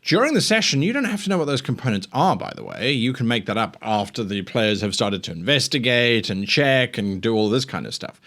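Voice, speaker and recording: A man's voice: medium pitch, fairly bright tone. A man hosting a show, giving tabletop game master advice in a chatty, self-deprecating way. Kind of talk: casual instructional talk.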